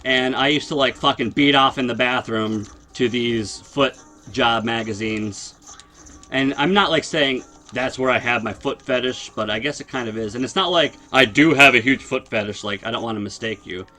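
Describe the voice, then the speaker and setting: A man's voice: medium pitch, moderate pace, pushed and bright. A young man livestreaming, ranting casually and bluntly and swearing constantly. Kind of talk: casual profane rant. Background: music playing.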